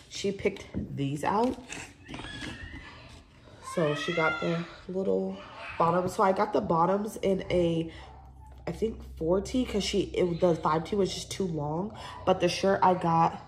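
A woman's voice: lowish voice, vocal fry. A young woman vlogger casually showing off a shopping haul, chatty and rambling with lots of fillers, sounding a bit congested. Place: home. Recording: noisy home recording.

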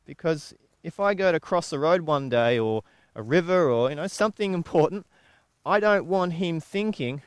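A man with an Australian accent working as a horse trainer, explaining groundwork exercises in a relaxed, conversational way, pausing and restarting as he goes. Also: a little high, smooth, dry recording. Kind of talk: instructional video talk.

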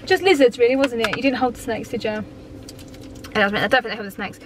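A woman's voice: a little high, brisk. A woman in her thirties with an Essex accent, talking casually to camera in a rambling vlog style. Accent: Essex English. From Essex, England. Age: 30s. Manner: chatty, rambling, lots of "like". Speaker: family vlogger. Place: outdoor park with a play area. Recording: noisy outdoor phone recording. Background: outdoor noise and children.

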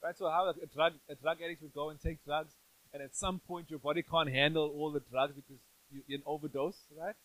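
A man's voice: fairly high pitch, steady tone, fairly quick, fairly bright tone, rough recording. A male pastor giving a sermon in a church, conversational and playful, often asking the congregation questions.

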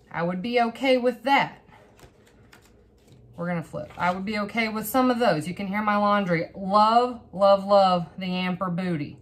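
A woman hosting her own channel, opening trading cards in a bubbly, excitable, rambling way. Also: medium pitch. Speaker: host of a card-opening channel. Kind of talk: casual card-opening vlog.

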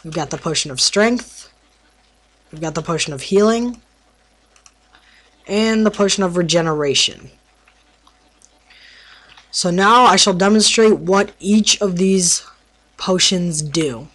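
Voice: medium pitch, slow, long pauses, fairly bright tone. Stumbling, playful game tutorial narrator. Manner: stumbles over words while explaining; playful trash talk at mobs. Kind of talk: casual gameplay commentary.

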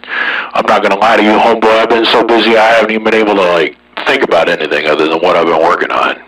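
A man's voice: on the low side, fairly even intonation, quick pace, a bit bright, distant mic, low-quality recording. Boastful drawling man on the radio. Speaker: CB radio operator hosting the channel. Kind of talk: casual radio chat.

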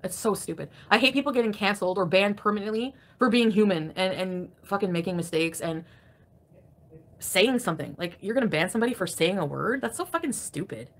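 A woman at home on a live stream, irritated and crabby. Her voice sits at an ordinary middle pitch, and she swings from low grumbles to loud, swearing outbursts as she vents. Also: animated, brisk. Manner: angry, profane venting with sharp loud outbursts. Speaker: livestreamer. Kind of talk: ranting live stream chat.

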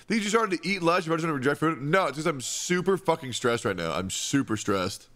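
A man's voice: a little high, animated, a little fast, hardly any pauses, a bit bright. A young man talking casually on a live stream, reading chat questions aloud and answering them with frequent swearing. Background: music playing.

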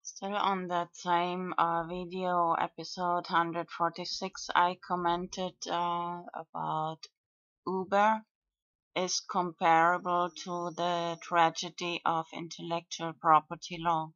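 A woman talks through her own video comments in a slow monologue, pausing often between fillers. Her pitch sits low and barely moves. The recording is dry and dull, with a muffled lo-fi tone. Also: no echo. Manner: slow, flat, with frequent pauses and fillers. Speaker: video blogger.

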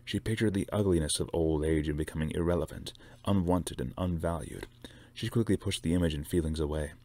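A man reading a novel aloud with steady narration. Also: low-pitched, a little fast. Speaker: reader.

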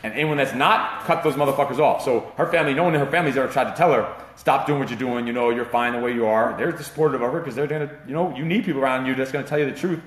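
Fast-talking, profane fitness trainer man. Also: mid-range voice, reverberant. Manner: profane, hyped and rambling. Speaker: fitness trainer and show host. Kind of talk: casual livestream talk.

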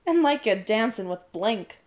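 A woman voicing a tough girl disguised as a newsboy, with a sassy, slow delivery. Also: medium pitch, lively intonation, a little mellow, close to an everyday voice.

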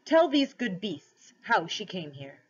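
Brief: woman doing a commanding male lion, slow and solemn, muffled sound. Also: mid-range voice, big pitch swings. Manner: slow, solemn, measured delivery. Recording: dull lo-fi recording.

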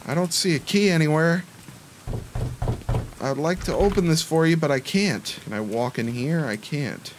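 Faint music plays behind a young gameplay commentator as he talks his way through a horror game, chatty and jumpy. His voice is a little high, his pace moderate, and there is slight background noise.

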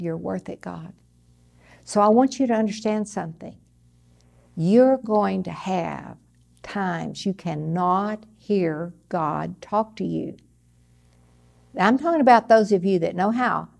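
A woman's voice: medium pitch, creaky, darkish tone. A woman minister preaching a sermon, dramatic, dropping to a near-whisper when quoting and rising again. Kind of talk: televised sermon.

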